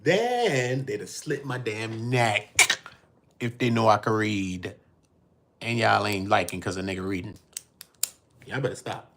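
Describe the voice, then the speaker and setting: A man's voice: on the low side, expressive, a little slow, pushed and bright, a little hiss or hum. A man hosting a casual livestream, talking in heavy street slang, cursing, preaching and addressing his chat directly. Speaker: livestream host.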